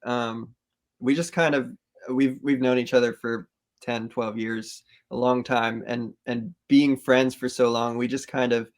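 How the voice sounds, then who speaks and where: A man in a band, a guest on a podcast, speaking in a relaxed, halting way with ums and restarts. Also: mid-range voice. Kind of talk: casual interview chat.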